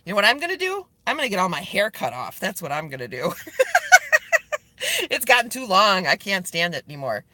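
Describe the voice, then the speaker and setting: A woman's voice: medium pitch, sing-song, fast, hardly any pauses, sharp tone, no echo. Earnest woman pleading with her viewers. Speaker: livestreamer addressing her online group. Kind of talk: casual live video chat, reading viewer comments.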